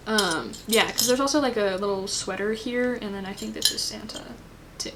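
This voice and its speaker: A woman's voice: mid-range voice, moderate pace, hardly any pauses, a bit bright, slight background noise. A woman giving a casual pick-a-card tarot reading, rambling and thinking aloud with lots of fillers. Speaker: tarot reader.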